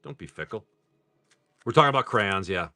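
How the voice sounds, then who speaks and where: A man's voice: fairly low pitch, lively intonation, brisk, bright, forceful tone, no room sound. A man hosting a live card-opening stream, chatting casually and profanely while he calls out pulls and jokes about comedy films. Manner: loose and profane, laughing, quoting comedy films.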